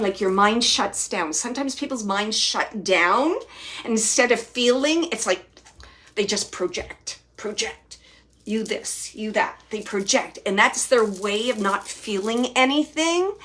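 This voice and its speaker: A woman hosting a psychic reading, relaying spirit messages in a soft, halting way with frequent restarts and repeated phrases, sometimes dropping to a near whisper. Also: medium pitch, animated. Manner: drops to near-whispers at times. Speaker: psychic medium host.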